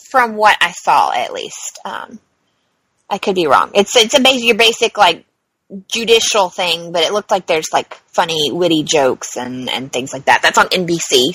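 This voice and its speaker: A woman's voice: on the low side, a bit bright, breathy edge, no room sound, rough recording. A woman co-hosting a podcast, talking casually and rambling about new TV shows, laughing easily. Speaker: podcast co-host. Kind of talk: casual TV chat.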